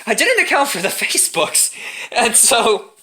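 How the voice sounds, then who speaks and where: Young male storyteller, casual and wry, bright tone. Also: extremely high pitch, a little slow. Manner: animated, profane, wry.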